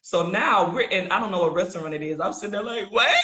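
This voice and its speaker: A woman telling a personal faith story in casual conversation, animated and acting out the dialogue she quotes. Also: mid-range voice, reverberant. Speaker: podcast guest sharing testimony.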